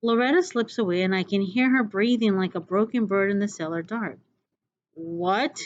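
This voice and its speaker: A woman reading a novel aloud chapter by chapter, with expressive, dramatic delivery. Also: mid-range voice, a little fast, dull audio, slight background noise. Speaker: reader.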